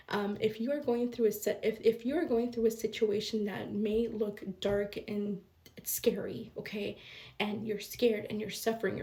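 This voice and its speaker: A young woman vlogging late at night, tired and chatty, her fairly high voice running fast and emphatic. There is a gravelly fry in her tone, and she keeps checking in with her listeners as she goes. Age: young adult. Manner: fast, animated and emphatic, often adding "okay?". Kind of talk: casual storytelling to camera.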